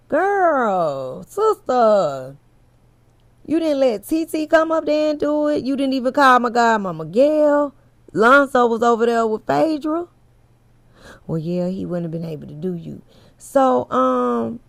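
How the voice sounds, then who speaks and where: A candid, chatty woman hosts a casual commentary show and speaks directly to her viewers, swearing freely as she gives her opinions. Her pace is unhurried and drawn out, and her voice sits in a middle register. The sound is dry and close, with no room echo. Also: medium pitch, expressive. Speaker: host.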